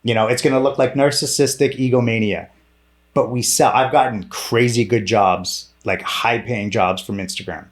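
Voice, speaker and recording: A man's voice: mid-range voice, steady tone, normal speed. A middle-aged man speaking bluntly as a podcast guest, swearing freely and restarting his sentences often. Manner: blunt and profane, full of fillers and restarts. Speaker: podcast guest, director and former stunt performer. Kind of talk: candid interview conversation.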